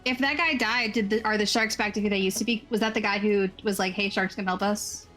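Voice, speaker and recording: A woman player fires off questions at a fast clip. Her voice sits mid-range, with faint music underneath. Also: mid-range voice, fairly even intonation, a bit bright. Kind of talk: casual tabletop game play.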